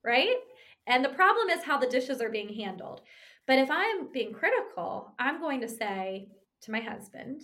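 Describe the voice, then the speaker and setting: Woman, relationship therapist, fairly high voice, chatty explainer. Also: normal speed. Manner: conversational, animated, frequent tag "right?". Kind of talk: explanatory talk on couples communication.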